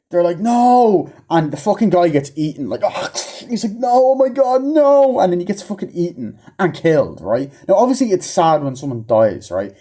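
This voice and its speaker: Here a movie reviewer rambles through an informal rant, cursing frequently, using plenty of fillers, and loudly performing lines from the film. He has a warm, mid-range voice.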